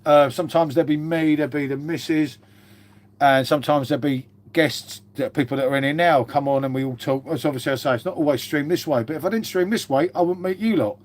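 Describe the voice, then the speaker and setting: A chatty British man hosts a live stream from home, with a fairly high voice for a man. He swears freely and keeps calling the viewers "mate" as he answers their comments. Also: quick pace. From Britain. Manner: chatty and matey, swears a lot, says "mate" constantly.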